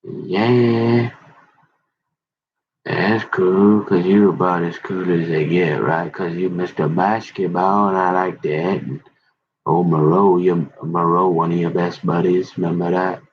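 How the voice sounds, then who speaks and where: With a deep voice and slow delivery, a middle-aged man chats casually about his high school memories, wandering from story to story and mimicking the people he quotes in lively voices. The recording is dull and lo-fi, with slight background noise.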